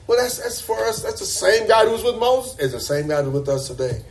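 A man's voice: high-pitched, big pitch swings, brisk. A man preaching a sermon to a congregation in a church, emphatic and repeating words for stress.

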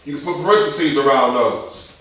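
A man preaching a sermon, emphatic, rising to high urgent questions and dropping to low intense asides. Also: animated, moderate pace, a bit bright, heavy reverb, low-quality recording.

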